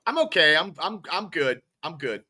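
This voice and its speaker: A man's voice: on the high side, animated, normal speed, bright, forceful tone. A man co-hosting a casual sports podcast over a video call, telling stories and cracking jokes. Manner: joking, storytelling. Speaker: podcast co-host.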